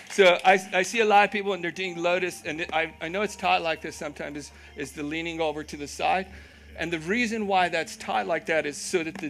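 A man's voice: on the high side, a bit bright, slight background noise. A man teaching a live yoga class, giving encouraging cues, checking in with "okay?", and making playful asides.

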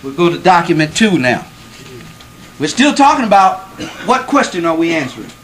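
Man, lecturer, fairly high voice, very lively pitch, emphatic, quizzes the room. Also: normal speed, rough recording. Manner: emphatic, asks the audience questions and repeats for stress. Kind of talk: classroom lecture to a live audience.

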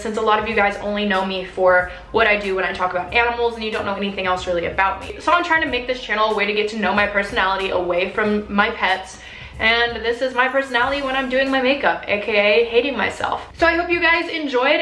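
A woman's voice: a little high, sharp tone, echoey room. A young woman vlogging casually at home, chatty and self-deprecating about her makeup. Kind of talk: casual vlog chat. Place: home room.

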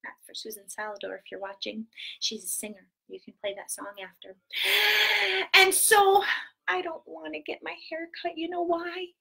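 A chatty little girl with very long hair tells her tale in a very high, bright, sparkling voice, as a woman puts her on. She is dramatic and giggly, squealing at the big moments and dropping to hushed whispers for secrets. It is a playful storybook kids' character. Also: expressive, moderate pace, vocal fry, full character voice. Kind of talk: children's storytelling live stream.

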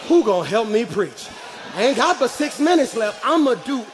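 High-voiced pastor in his forties, shouting. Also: big pitch swings, normal speed, long reverb tail, noisy background. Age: 40s. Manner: shouting, sing-song call-and-response preaching. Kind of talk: live sermon. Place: church sanctuary with congregation.

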